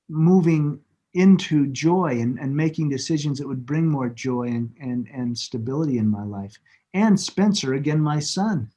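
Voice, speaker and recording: A man as an interview guest, telling a personal story in an earnest, halting way and repeating words when moved, speaking over a video call. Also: on the high side, dark tone.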